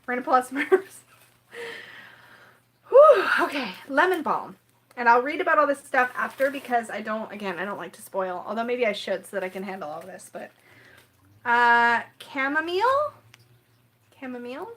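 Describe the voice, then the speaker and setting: Woman, tarot reader, easygoing live-stream chat, a touch high in pitch, scattered and self-apologizing. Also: fairly quick, a bit bright. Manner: rambling and apologetic, keeps clearing her throat; chats with viewers in the live chat.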